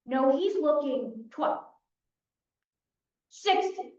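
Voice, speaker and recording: High-voiced young woman arguing in echoey courtroom. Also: lively intonation, very slow, a little mellow. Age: young adult. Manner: vivid storytelling, punchy short sentences. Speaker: defense attorney in a mock trial. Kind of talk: dramatic opening statement. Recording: dull, echoey hall from far off.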